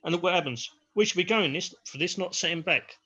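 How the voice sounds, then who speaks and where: A man's voice: high voice, fairly quick, bright, forceful tone, husky. A middle-aged man on a live football panel, chatty, reading out forum posts. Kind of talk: live match chat. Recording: lo-fi home audio.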